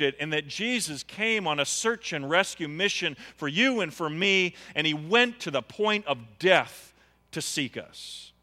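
Earnest preacher with ringing bright voice. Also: male voice, on the high side, expressive, unhurried, in a large hall. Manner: earnest, pleading, rising to impassioned appeals. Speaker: pastor. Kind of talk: sermon. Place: church.

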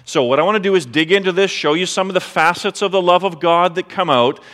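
A man's voice: high-pitched, fast, a bit bright, big-room sound. A man pastor preaching a sermon in a conversational way, full of rhetorical questions, in a church sanctuary.

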